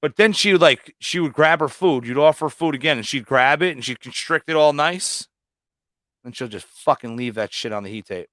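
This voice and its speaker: A man with a fairly high voice talks a little fast about breeding snakes in a casual livestream chat, recorded dry with clean studio sound. He swears freely and loudly acts out what he and his snakes said.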